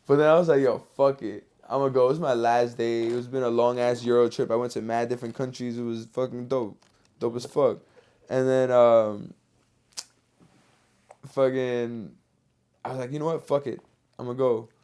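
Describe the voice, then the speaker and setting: A man hosting a podcast, telling a story in casual chat, animated and swearing freely. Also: medium pitch, moderate pace, clear, resonant tone. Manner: animated, swears often, slangy. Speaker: podcast host.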